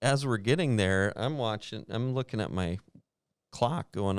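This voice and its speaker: A man hosting a podcast, telling a travel story in a lively way, acting out what others said and laughing often. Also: on the low side, a little slow, clean tone, dry recording, studio quality. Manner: animated, acts out quoted voices, laughs often. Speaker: podcast host. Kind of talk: casual storytelling.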